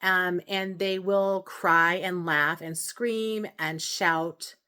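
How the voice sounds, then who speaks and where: A woman speaks in a slightly low register as she hosts a self-help video. She talks to camera in a casual, earnest way. She explains patiently, often restarting a phrase or adding an aside. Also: steady tone, drawn-out words, bright, forceful tone, clean tone. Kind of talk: casual advice talk to camera.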